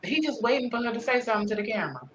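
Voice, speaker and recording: A woman's voice: fairly high pitch, lively intonation, racing, slight background noise, rough recording. A woman giving casual reaction commentary on a video, blunt and profane, laughing often.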